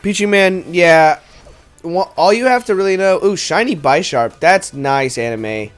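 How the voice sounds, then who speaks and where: Young male let's-play streamer, slightly high voice, giggly, rambling, faint music under. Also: animated, measured pace. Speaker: game streamer. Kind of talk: casual let's-play commentary. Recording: faint game music behind.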